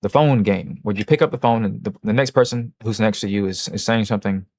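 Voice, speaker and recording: A livestream host with a lowish, slightly mellow voice talks fairly quickly. He chats casually and answers his chat, rambling, joking and mocking himself while restarting his sentences often.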